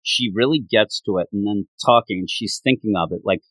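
A man co-hosting a casual chat about a manga, animated and acting out characters' lines. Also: lowish voice, fairly quick, no room sound, poor audio. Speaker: podcast co-host.

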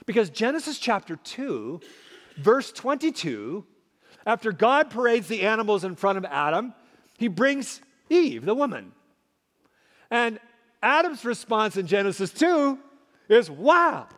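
A man preaching a sermon as a pastor, emphatic, swinging between loud and hushed. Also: high-pitched, very animated, unhurried. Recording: long hall reverb.

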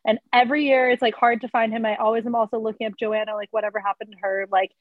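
A woman in casual podcast chat, animated and self-deprecating, with many filler words. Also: fairly high pitch, rapid-fire, no echo, phone-quality sound.

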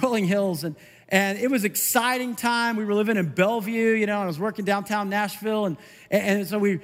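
A middle-aged male pastor preaching a conversational, animated sermon. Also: high-pitched, big-room sound. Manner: conversational, animated, self-interrupting with laughs.

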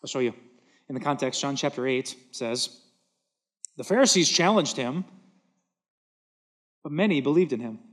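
A man's voice: mid-range voice, expressive, normal speed, pauses often, a bit bright. A man preaching a sermon from a church stage, earnest and emphatic, repeating words for stress. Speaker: pastor.

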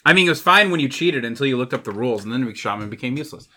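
A man at a tabletop game fires off teasing quips quickly. His pitch bounces a lot as he jokes. Faint noise and clicks sit behind him. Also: lively intonation, pushed and bright. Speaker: player.

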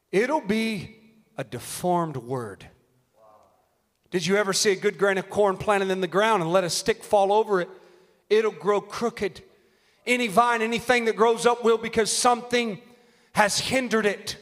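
High, bright-voiced young man preaching. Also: moderate pace. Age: young adult. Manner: impassioned, shouting at peaks, quotes scripture and a prophet. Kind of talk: sermon. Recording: long hall reverb.

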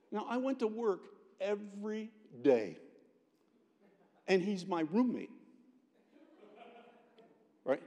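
Animated male preacher telling a story. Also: a little high. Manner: animated storytelling with frequent restarts. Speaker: pastor, guest chapel speaker. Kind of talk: sermon. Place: college chapel. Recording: long chapel reverb.

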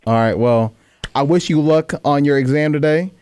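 A man hosting a radio talk show, playful and quick to laugh, sleep deprived. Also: a little high, a little mellow, clean tone, no room sound, clean studio sound. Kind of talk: casual studio banter. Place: radio studio.

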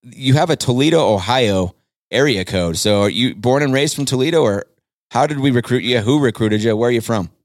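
A man hosting a casual sales-team podcast, jokey and full of shout-outs for his reps. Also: mid-range voice, brisk, dry recording, clean studio sound. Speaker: podcast host.

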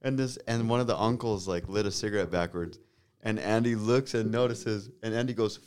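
Smooth-voiced, teasing man. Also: lowish voice, brisk. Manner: animated, teasing, swearing. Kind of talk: casual storytelling chat.

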